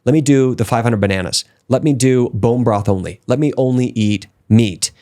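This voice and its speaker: A man talks as a podcast guest in a casual interview, with a gravelly edge and an emphatic, motivational drive. His pitch sits in an ordinary middle range and his speech stays conversational while he presses his points. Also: normal speed. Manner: emphatic, motivational, speeds up and gets excited.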